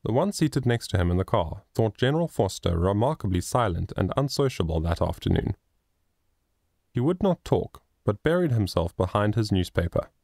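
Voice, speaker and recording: A man narrating a moral children's story in a measured, expressive reading. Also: fairly low pitch, no room sound, studio quality. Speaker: audiobook narrator.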